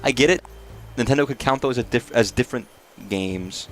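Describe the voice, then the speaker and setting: A man's voice: mid-range voice, a bit bright, faint music behind. A man livestreaming a game in casual commentary, swearing freely and rambling into mock rants at the characters on screen. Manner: profane, rambling, quick to rant at on-screen characters.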